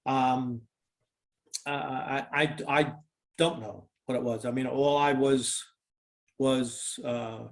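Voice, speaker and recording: A man's voice: mid-range voice, steady tone, takes it slowly, pauses often. An older man, a former football kicker, telling a long story in a casual interview, with many restarts and fillers.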